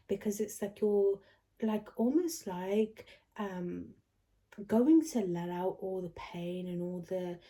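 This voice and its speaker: A young adult woman giving a pick-a-card tarot reading to her viewers. She talks earnestly and encouragingly, often pausing to check in with "okay?". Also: lowish voice, warm tone. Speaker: tarot reader.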